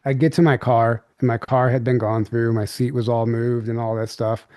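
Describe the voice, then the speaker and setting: A man's voice: medium pitch, little pitch movement, normal speed, mellow, no echo, studio quality. A man, a podcast guest, recounting an eerie personal encounter in a loose, rambling way, full of "like" and restarts. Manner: rambling, filler-heavy recounting with many restarts. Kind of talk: candid storytelling.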